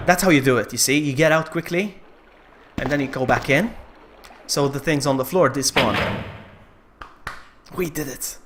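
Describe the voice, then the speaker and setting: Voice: medium pitch, normal speed, long pauses, background noise. A game streamer giving casual, jokey live commentary while playing. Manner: chatty, jokey, cries out in alarm.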